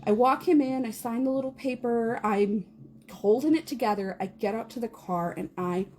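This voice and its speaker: A woman in her thirties, a podcast co-host, telling a chaotic morning story in a casual, animated way, often laughing and acting out quotes. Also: normal speed, a little hiss or hum. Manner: animated, laughing, acts out quotes in a high squeal.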